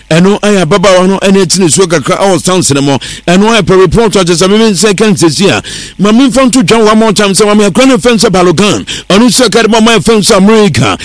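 A man reading sports news on the radio in a steady newsreader delivery, mixing English words into his talk. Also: sits high, no echo. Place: radio studio.

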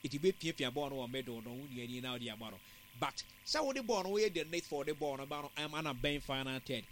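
A man giving football analysis on a sports talk show, in a measured, analytical way. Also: medium pitch, expressive, a bit bright.

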